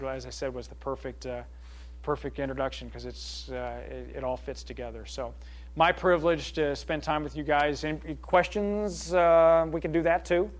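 An earnest middle-aged man talks informally to a small group, his voice sitting a little higher than most men's. He speaks in a loose, conversational way and keeps checking in with his listeners. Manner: earnest, conversational, leans on tag questions. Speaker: speaker leading a group session. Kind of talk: informal talk with audience questions.

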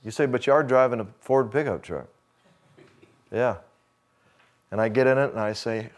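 A middle-aged man with a drawl gives a folksy sermon at a mid-range pitch. He acts out the conversations in his stories and sinks into soft, hushed tones when he quotes someone. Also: moderate pace, long pauses. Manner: folksy storyteller, acts out dialogue, drops to a hush for quotes. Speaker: speaker addressing a men's gathering. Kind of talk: sermon with personal story.

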